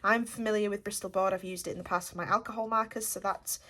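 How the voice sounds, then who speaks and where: A woman's voice: mid-range voice, fairly even intonation, fast, sharp tone, a little hiss or hum. Chatty woman unboxing art supplies. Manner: chatty, enthusiastic, often says "very nice". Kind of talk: casual unboxing narration.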